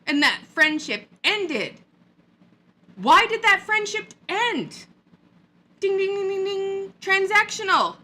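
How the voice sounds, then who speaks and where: A woman's voice: very high-pitched, big pitch swings, takes it slowly, pauses often, sharp tone. A woman vlogger giving a sarcastic, mocking rant in a hot upstairs room. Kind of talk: ranting commentary vlog.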